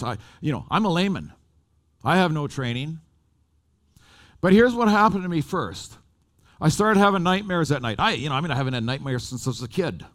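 A man preaching at a camp meeting, telling a personal story in an animated, conversational way. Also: fairly high pitch. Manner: animated, rising and falling with the story. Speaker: lay preacher. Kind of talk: storytelling sermon.

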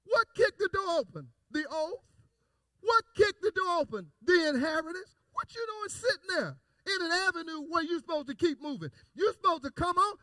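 A man with a high, bright, piercing voice preaches. His pitch swings widely as he repeats phrases and builds to shouts. The sound is dry and close, with little room echo. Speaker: pastor. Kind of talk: call-and-response sermon.

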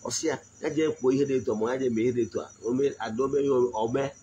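A man giving a spiritual teaching in a slow, deliberate voice, often asking his listeners if they follow. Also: medium pitch, steady tone, mellow, muffled recording, a little hiss or hum. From Nigeria. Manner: switches between Igbo and English, frequent check-ins. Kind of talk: spoken teaching.

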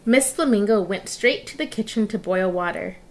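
A woman reading a children's picture book aloud, narrating gently and engagingly, with asides to the listener. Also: medium pitch, animated, normal speed, a little hiss or hum. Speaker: storyteller. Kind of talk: children's story read-aloud.

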